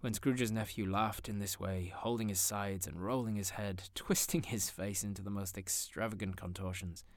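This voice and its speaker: A man narrating a classic story in an expressive, theatrical manner. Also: fairly low pitch, normal speed, hardly any pauses, no room sound, studio quality. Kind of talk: audiobook narration.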